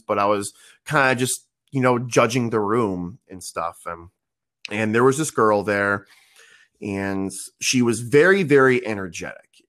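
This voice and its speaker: A man's voice: lowish voice, a bit bright. A man in his thirties telling a casual story, rambling with lots of fillers and restarts. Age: 30s. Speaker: podcast guest.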